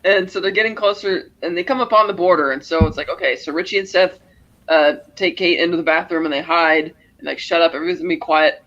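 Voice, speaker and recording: Bright high-voiced man recapping a movie. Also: fairly quick, muffled recording. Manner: retells scenes with acted-out quotes. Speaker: podcast co-host. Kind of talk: casual movie recap chat.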